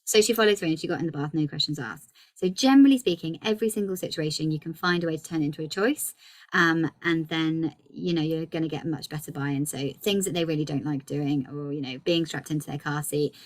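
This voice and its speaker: A woman in her thirties giving a lively, encouraging workshop talk to parents on early communication. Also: deep voice, a little fast. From England. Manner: lively and encouraging, acts out child dialogue.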